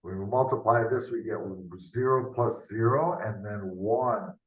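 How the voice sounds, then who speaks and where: Heard over a video call from off the mic in a roomy setting, this man gives an unscripted, loose math lesson, reasoning aloud and frequently ending on tag questions. He speaks in a mid-range, steady and unhurried voice.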